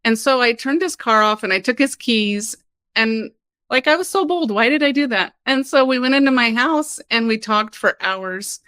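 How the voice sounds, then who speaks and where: A woman from Kansas, a podcast guest, telling her personal story in a lively, candid way with laughs and frequent "like". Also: on the high side, normal speed, smooth, no echo. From Kansas, United States.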